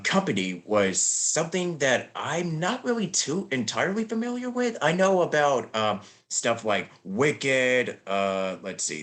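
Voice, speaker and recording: A man's voice: fairly low pitch, fairly bright tone. A young man hosting a podcast, chatting casually and rambling through his points. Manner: rambling, many fillers and restarts. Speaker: podcast host. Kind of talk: casual interview chat.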